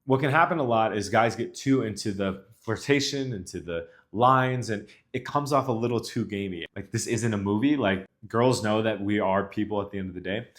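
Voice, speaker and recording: A man with a lowish voice coaches viewers on dating. He talks in an easy, casual way, laying out his points step by step. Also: moderate pace, few pauses. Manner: casual, coaching, explains calmly. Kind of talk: instructional talk to camera.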